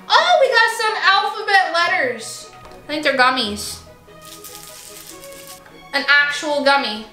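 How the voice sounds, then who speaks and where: Bubbly high-voiced woman gushing over toys. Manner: gushing, excitable, talks to stuffed toys. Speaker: toy unboxing vlogger. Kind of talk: casual unboxing chat. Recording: echoey room with faint music.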